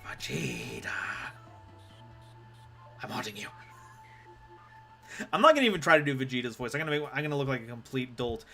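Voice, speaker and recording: A man's voice: medium pitch, big pitch swings, very fast, hardly any pauses, sharp tone, soft background music. A man streaming a card game live, rambling and self-deprecating as he chats with his viewers. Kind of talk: live gameplay commentary.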